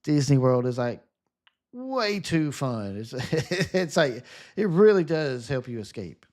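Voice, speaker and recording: A man's voice: medium pitch, very animated, slow, a little mellow. A man with a Southern US accent, a gaming streamer in casual, upbeat chat, answering viewer comments in a sunny, relaxing voice.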